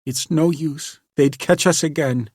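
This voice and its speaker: A male narrator puts on a scared, tearful young woman for a storybook reading. She cries out in a high, whimpering voice, breathy and slow, on the edge of hysteria. The recording is dry and close. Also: mellow, dry recording. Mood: bitter, despairing.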